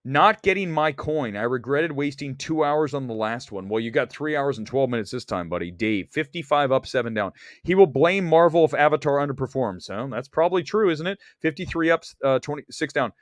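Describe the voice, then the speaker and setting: Blunt animated man hosting a stream. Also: medium pitch, fairly quick, hardly any pauses, no echo, studio quality. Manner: blunt, animated, teasing the chat. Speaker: livestream host. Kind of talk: livestream movie commentary.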